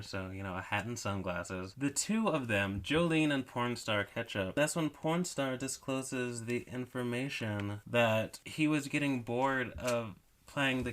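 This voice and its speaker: A man's voice: medium pitch, fairly bright tone. A man giving a casual movie recap, rambling and correcting himself with wry asides. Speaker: movie reviewer.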